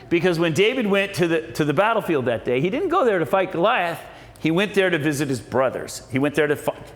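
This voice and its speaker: A man giving a folksy, preacher-like storytelling speech at a political meeting, with many repeated starts. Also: on the high side. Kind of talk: storytelling speech to a live audience. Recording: echoey hall with long reverb.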